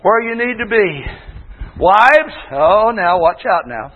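High-voiced older preacher shouting in a hall. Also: male voice, expressive, takes it slowly. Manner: folksy, preaching with shouted bursts and storytelling. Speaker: pastor. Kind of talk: sermon. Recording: tinny phone-like sound in a long-echo hall.

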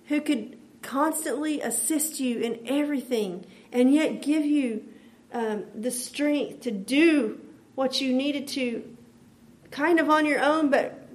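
A woman preaching a devotional sermon in an earnest way, repeating phrases as she builds her point. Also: on the high side.

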